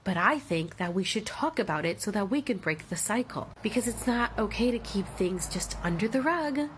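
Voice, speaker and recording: A woman's voice: mid-range voice, animated, normal speed, slight background noise. A woman in her thirties telling her own story in a candid vlog, emotional and blunt, swearing freely. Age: 30s. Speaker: vlogger.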